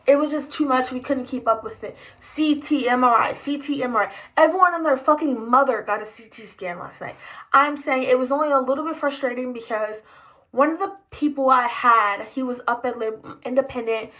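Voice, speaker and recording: Exasperated young woman ranting, bright voice. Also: high voice, poor audio. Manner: exasperated, profane, fast ranting. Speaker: emergency department tech. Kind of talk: casual storytime rant.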